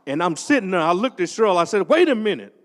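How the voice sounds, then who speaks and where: An older man, preaching a testimony sermon as associate pastor and telling a story that builds up into shouting. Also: high voice, quick pace, in a large hall. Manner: animated storytelling, swells into shouting.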